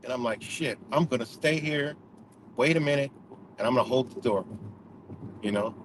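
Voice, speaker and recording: A man's voice: medium pitch, moderate pace, background noise. A man talking casually in a rambling way, full of fillers, restarts and swearing. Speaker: vlogger. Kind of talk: casual spoken reflection.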